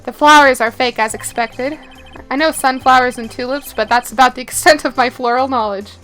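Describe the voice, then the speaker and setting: A woman's voice: high voice, steady tone, fairly quick, fairly bright tone, soft background music. A woman streamer reading a game aloud live, with chatty asides and laughs.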